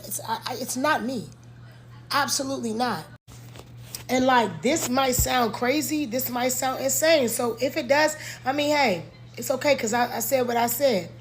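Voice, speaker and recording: A young woman with a high voice speaks her mind straight to the camera from her home. She is blunt and emphatic and hammers her points by repeating them. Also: fairly quick. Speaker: content creator. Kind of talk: candid monologue to camera.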